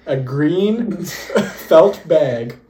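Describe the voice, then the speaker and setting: A man's voice: on the high side, extremely slow, slight background noise. A young man co-hosting a podcast, telling stories casually, laughing often and acting out the dialogue. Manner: lively, laughs often, acts out quoted dialogue. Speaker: podcast co-host. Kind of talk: casual storytelling. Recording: echoey room.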